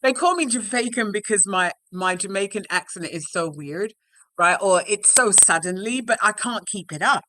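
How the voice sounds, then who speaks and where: Chatty woman with a bright voice. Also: mid-range voice, animated, moderate pace, slight background noise. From London, England. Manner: chatty, frequent "right?" and "you know" tags. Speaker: life coach guest. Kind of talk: casual interview chat. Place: home office.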